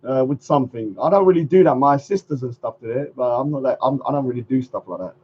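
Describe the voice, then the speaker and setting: A man's voice: mid-range voice, fast, warm tone, a little hiss or hum. A man hosting a casual livestream chat, rambling loosely and repeating phrases, chuckling often. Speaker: livestream host. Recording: muffled lo-fi stream audio.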